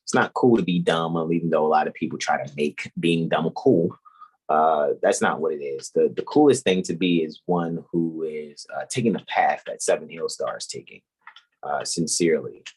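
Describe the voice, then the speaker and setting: A man hosting a casual livestream chat, preachy and animated as he greets viewers in the chat. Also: extremely low pitch, moderate pace, slightly rough. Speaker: livestream host.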